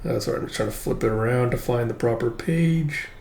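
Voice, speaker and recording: A man's voice: medium pitch, a little fast, creaky, darkish tone, a little hiss or hum. Rambling man recapping a manga. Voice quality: rambling, swears, lots of likes and uhs. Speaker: manga reader and commentator. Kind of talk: casual chat recapping a manga. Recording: roomy echo.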